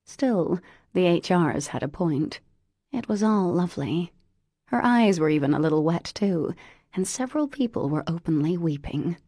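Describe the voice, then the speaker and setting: A woman narrating an audiobook in an expressive, unhurried storytelling manner. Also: on the low side, no room sound, clean studio sound. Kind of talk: scripted narration.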